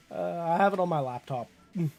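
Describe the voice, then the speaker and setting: A man's voice: on the high side, gravelly, darkish tone. A man streaming live who chats casually, laughs often and swears freely as he talks to viewers. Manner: giggly and chatty, swears casually.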